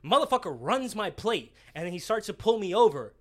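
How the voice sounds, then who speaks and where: A man's voice: high voice, a little fast. A young man from New Jersey, co-hosting a podcast and telling a story in casual, swear-filled chat. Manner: swears a lot, animated and excitable storyteller. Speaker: podcast co-host.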